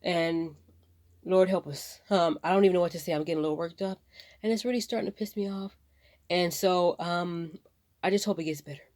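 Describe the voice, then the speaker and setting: Woman vlogger, low-ish voice, emotional and rambling, holding back tears, dry close sound. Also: steady tone, fairly quick, a little mellow, dry recording. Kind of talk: emotional personal vlog.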